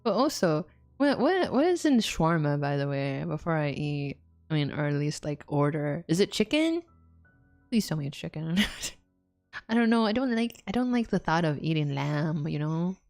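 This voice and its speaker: A woman's voice: low-pitched, expressive, moderate pace, creaky, a little mellow, soft background music. A woman streamer casually playing a story game, reading its text aloud, laughing often and exclaiming at the twists. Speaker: VTuber streamer.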